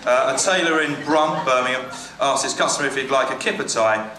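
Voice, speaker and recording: A man's voice: medium pitch, a little fast, crowd noise. A man doing stand-up, reading jokes aloud in a dry, hesitant way with ums and trailing asides. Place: comedy venue stage. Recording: echoey room with background noise. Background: audience laughter.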